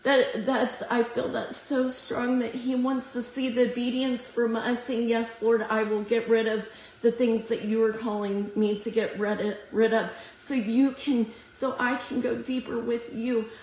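Tearful woman preaching slowly in an echoey room. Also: fairly high pitch, little pitch movement, darkish tone. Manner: earnest, emotional, slow and prayerful. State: teary. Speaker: women's ministry speaker. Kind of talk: devotional sermon with scripture reading.

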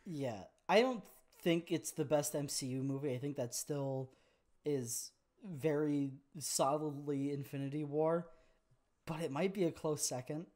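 A man's voice: on the high side, a little slow, a little mellow. A young man co-hosting a movie podcast, chatting casually and laughing often. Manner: laid-back, laughs often. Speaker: podcast co-host. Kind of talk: casual chat.

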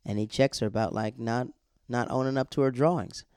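A man's voice: mid-range voice, steady tone, brisk, a little mellow, smooth, dry recording, studio quality. A man casually recapping a TV episode in a slangy, laid-back storytelling way.

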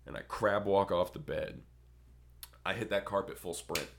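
A man's voice: deep voice, steady tone, moderate pace. A young man on a podcast, rambling through a crude story in casual chat. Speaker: podcast co-host.

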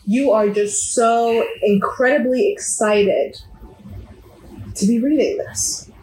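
A woman's voice: on the high side, a little mellow. A woman running a tabletop game as game master, narrating scenes to a player in vivid second-person detail. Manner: slow, vivid descriptive narration. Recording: roomy echo, faint background noise.

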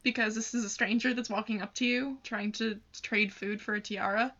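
A young woman co-hosting a casual movie discussion, gushing and halting, with many fillers. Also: mid-range voice, steady tone, fairly bright tone, muffled recording. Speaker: podcast co-host.

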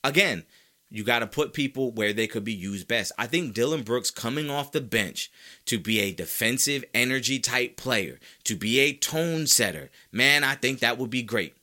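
A man hosting a sports talk podcast, ranting with loud, high-pitched outbursts between stretches of lower, calmer talk. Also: moderate pace. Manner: animated, swings into high-pitched shouts. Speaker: podcast host. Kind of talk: fired-up sports talk rant.

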